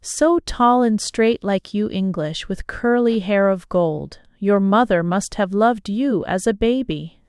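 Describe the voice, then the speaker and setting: A woman's voice: medium pitch, darkish tone, clean tone, no room sound, clean studio sound, close to an everyday voice. A woman voicing a lingering, seductive lady. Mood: teasing. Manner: slow, lingering, playfully seductive. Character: alluring, teasing foreign lady, mature.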